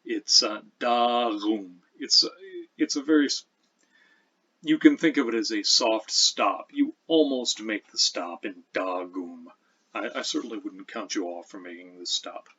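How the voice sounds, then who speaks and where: A man teaching a lesson, explaining pronunciation patiently and reading old verse aloud slowly. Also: lowish voice, bright, forceful tone, breathy edge, lo-fi sound. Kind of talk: lecture with recitation.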